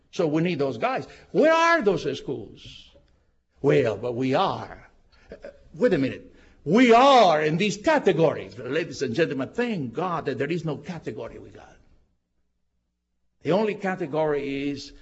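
A man's voice: high-pitched, breathy edge. A male pastor preaching a sermon with rhetorical questions, repeating key phrases for emphasis, on a dull lo-fi recording.

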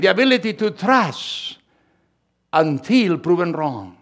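A man preaching a sermon as pastor, swinging from quiet asides to loud, emphatic lines. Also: a little high, sing-song, a little slow.

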